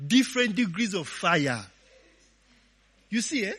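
Lively Ugandan pastor in an echoing hall. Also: male voice, sits high, measured pace, long pauses, breathy edge. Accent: Ugandan English. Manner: lively, laughing, asks the congregation to finish his sentences. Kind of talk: conversational sermon with call-and-response questions. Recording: long hall reverb.

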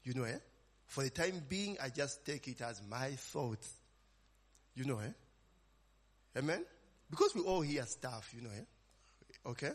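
Male preacher, husky, chatty, peppers his lines with "eh?" and "amen?", long reverb. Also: medium pitch, expressive, measured pace, long pauses. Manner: conversational, frequent "eh?" and "amen?" tags, call-and-response questions. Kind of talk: informal sermon.

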